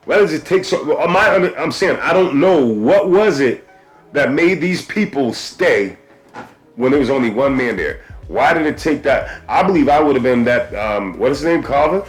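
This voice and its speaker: A man from the East Coast hosts a casual podcast chat, his mid-pitched voice telling a story with stops and restarts. Faint music sits underneath. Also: normal speed. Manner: animated storyteller, stammers and restarts. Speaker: podcast host.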